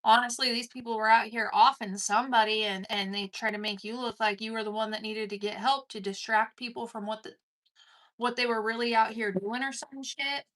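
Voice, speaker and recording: A woman's voice: on the high side, steady tone, a little fast, a bit bright. A woman giving an intense collective tarot reading, swearing casually and calling the listener "dude". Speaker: tarot card reader.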